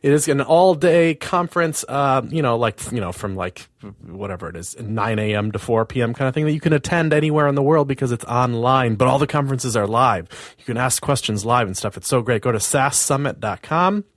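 A man's voice: mid-range voice, brisk, hardly any pauses, no room sound, clean studio sound. A man hosting a podcast in casual chat, reading sponsor spots and rambling with many fillers and restarts. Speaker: podcast host.

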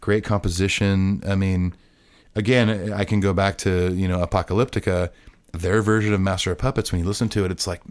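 A man with a low voice co-hosts a podcast, speaking briskly with no echo. His talk is laid-back and casual, drifting along with lots of restarts and fillers.

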